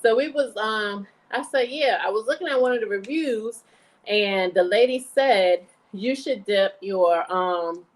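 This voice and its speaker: Animated New York woman telling a story. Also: a little slow, rough recording. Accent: New York mixed with Virginian. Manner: animated storyteller, jumps high to act out others. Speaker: podcast co-host. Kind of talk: casual storytelling chat.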